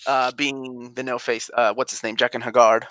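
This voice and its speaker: A man with a Kentucky accent, co-hosting a casual review show, animated and swearing freely. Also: mid-range voice, normal speed, no room sound. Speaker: podcast co-host. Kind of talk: casual chat reviewing a TV episode.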